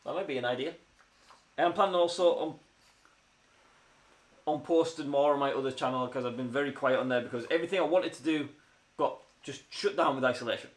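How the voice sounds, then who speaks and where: A man's voice: medium pitch, fairly quick, pauses often. A young man from northern England co-hosting a casual live stream, rambling and chatty with lots of fillers. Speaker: podcast co-host. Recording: roomy room sound.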